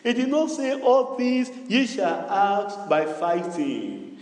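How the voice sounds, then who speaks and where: Man preaching slow n sing-songy, high lively voice, big echoey church hall. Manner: call-and-response preaching, repetitive, sing-song cadence. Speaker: pastor. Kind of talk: sermon.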